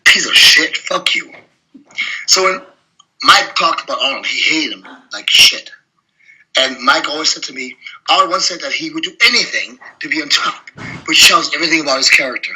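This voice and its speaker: A man's voice: fairly high pitch, a little fast, rough recording. A middle-aged man from Germany, a bodybuilder guest telling blunt, profane stories in a casual interview. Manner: blunt, profane, animated anecdotes with frequent laughs.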